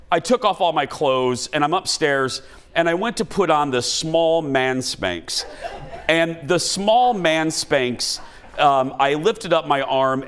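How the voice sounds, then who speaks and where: A middle-aged man hosting a studio talk show, telling a self-mocking story in an animated way. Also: on the high side. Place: TV studio with live audience.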